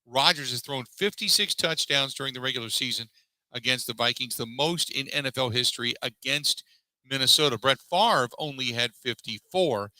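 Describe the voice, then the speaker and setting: A man's voice: medium pitch, moderate pace, bright, forceful tone, dry recording, poor audio. A man hosting a sports talk show, recapping a press conference and reeling off statistics in a conversational way, with many fillers. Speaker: sports radio host. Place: live broadcast from a pub.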